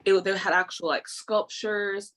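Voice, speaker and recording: A woman's voice: mid-range voice, steady tone, unhurried, a bit bright. A woman co-hosting a casual podcast chat, rambling and searching for words. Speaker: podcast co-host.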